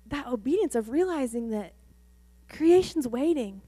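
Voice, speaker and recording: Young woman pastor, higher voice, excitable sermon delivery, dry close mic. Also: moderate pace, no echo. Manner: excitable, rising to exclaiming. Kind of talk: sermon with testimony.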